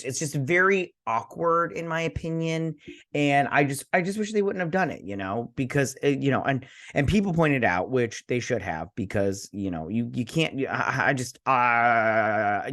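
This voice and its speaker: A man's voice: medium pitch, a bit bright. A man hosting a casual TV episode review, rambling and sarcastic, often mock-quoting the characters. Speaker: host.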